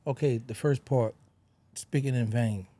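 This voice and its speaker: A man from New Orleans with a New Orleans accent, a podcast guest telling stories in animated Southern slang. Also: medium pitch, unhurried, dry recording. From New Orleans, USA. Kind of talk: casual interview talk.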